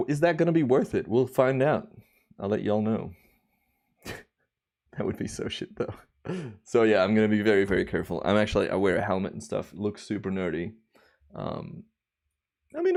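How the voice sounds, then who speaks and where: Relaxed man chatting on stream. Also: deep voice, creaky. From Australia. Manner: relaxed, rambling, chatty with viewers. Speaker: livestream host. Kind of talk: casual livestream chat.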